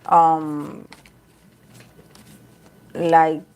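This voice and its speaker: A woman with a slightly low voice talks openly about herself. She rambles in a loose, unscripted way, full of fillers and restarts. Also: level tone, extremely slow, darkish tone, lo-fi sound. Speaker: tarot reader. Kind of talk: casual talk to camera.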